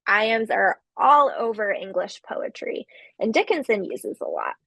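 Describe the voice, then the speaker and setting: A woman giving a recorded literature lecture, explaining slowly with occasional fillers. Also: medium pitch, animated, creaky, a bit bright, no room sound.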